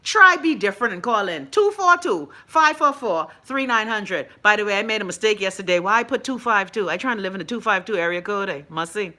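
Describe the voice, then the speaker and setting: A Bahamian woman hosting a call-in show, ranting bluntly and profanely, swinging between loud outbursts and low mutters. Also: animated, a little fast, hardly any pauses. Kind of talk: blunt profane live-stream rant.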